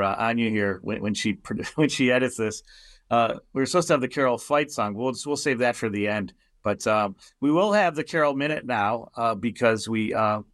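A man hosting a casual radio sports show, chatty and quick to laugh at his own slips. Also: mid-range voice, a bit bright, no echo, clean studio sound.

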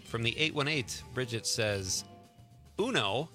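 Bright-voiced male radio host. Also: medium pitch, expressive, measured pace, soft background music. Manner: chatty, loose, with fillers and restarts. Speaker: radio talk show host. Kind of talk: casual radio interview. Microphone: studio microphone.

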